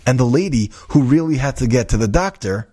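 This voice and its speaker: A man's voice: mid-range voice, lively intonation, fairly quick, mellow, husky, no echo, studio quality. A man voicing an angry bus company boss who scolds and sputters in exasperation. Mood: furious scolding.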